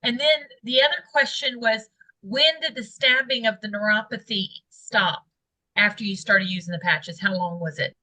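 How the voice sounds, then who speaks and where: Upbeat woman interviewer, bright voice. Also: fairly high pitch, poor audio. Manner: brisk, upbeat, short affirmations. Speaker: co-host interviewing. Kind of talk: interview on a group call.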